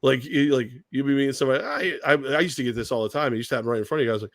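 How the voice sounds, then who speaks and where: A man co-hosting a sports talk show in casual chat, recorded dry and close with no room sound. His pitch sits in the middle for a man. He keeps slipping into the voices of the people he quotes and swears in passing. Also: rapid-fire, few pauses, no room sound. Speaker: radio show co-host.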